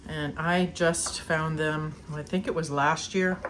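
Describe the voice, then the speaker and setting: Woman, middle-aged, fairly low voice, chatty home kitchen demo, frequent laughs, faint background hum. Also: steady tone, slow, a bit bright. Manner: chatty, laughs often, talks while snacking. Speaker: homestead vlogger. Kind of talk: casual cooking demonstration.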